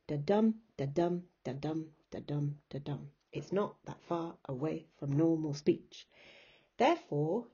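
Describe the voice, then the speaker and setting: A woman's voice: deep voice, warm tone, slightly rough, muffled recording. A woman teacher giving a recorded remote lesson, patiently explaining step by step and chanting rhythms aloud. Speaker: English teacher.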